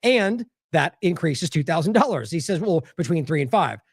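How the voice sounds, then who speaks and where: Male news-commentary host, fairly high and animated voice, sarcastic, close dry mic. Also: normal speed, husky, no echo. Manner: exasperated, sarcastic, scoffing laughs. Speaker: independent news show host. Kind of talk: casual commentary on played clips.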